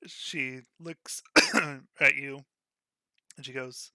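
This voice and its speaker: Bright-voiced man running a tabletop game. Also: medium pitch, steady tone, extremely slow, no echo, clean studio sound. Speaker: game master.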